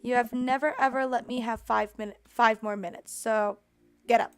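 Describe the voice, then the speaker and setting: A woman's voice: on the high side, fairly even intonation, moderate pace, a little hiss or hum, lightly acted. A woman voicing a cheeky teenage daughter, speaking in a bossy, teasing way.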